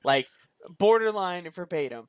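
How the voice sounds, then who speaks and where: A man with a high voice co-hosts a casual movie-review chat, venting in exasperated, profane bursts. The recording is dry and close, with no room sound. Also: lively intonation, a little slow, smooth, no room sound. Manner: exasperated, profane, emphatic ranting. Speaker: podcast co-host.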